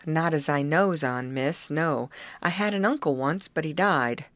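Woman doing a halting simple-minded young man. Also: low voice, a bit bright, no room sound. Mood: earnest. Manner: slow, hesitant, uneducated grammar.

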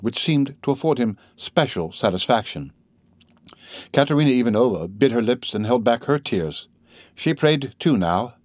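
A man narrating a classic novel in a steady, measured reading that slows over grim details. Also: lowish voice, dry recording. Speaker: audiobook narrator. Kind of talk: scripted literary narration.

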